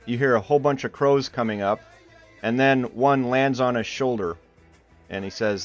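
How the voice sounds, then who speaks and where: On a muffled livestream with faint music playing, an Iowa man runs a tabletop game as game master. His mid-range voice moves at a moderate pace, rambling and filler-heavy, and he often shifts into playful character voices.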